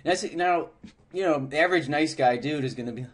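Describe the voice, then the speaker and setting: A man's voice: a little high, brisk. Man, dating coach, casual teaching talk, chatty, frequent laughs, lots of fillers. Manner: chatty and loose, often laughing, heavy with "like" and "you know".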